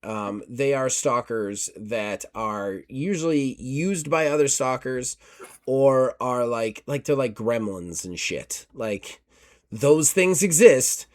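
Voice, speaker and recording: A man's voice: medium pitch, expressive, slow pace. A man running a tabletop horror game, narrating loosely with lots of fillers. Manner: loose, rambling with many fillers. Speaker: game master.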